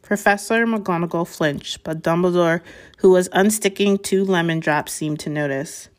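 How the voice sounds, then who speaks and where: A woman reading a novel chapter aloud in a measured way, with small slips and restarts. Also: lowish voice. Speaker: reader.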